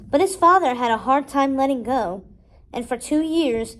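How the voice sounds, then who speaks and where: A woman reading a storybook aloud in a steady, expressive way. Her voice is somewhat high for a woman. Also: rough recording. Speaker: storybook reader.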